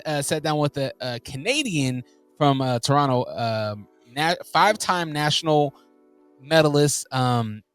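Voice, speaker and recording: A man's voice: a little high, clean tone. A man co-hosting a wrestling podcast, talking animatedly in casual chat, laughing often and using lots of fillers. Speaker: podcast co-host.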